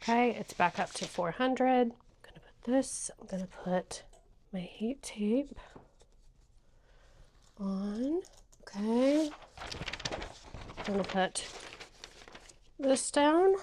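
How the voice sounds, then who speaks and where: A woman talking casually through a craft project in a how-to vlog, narrating each step and getting excited. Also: on the high side, a little hiss or hum. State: tearful and emotional. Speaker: craft vlogger.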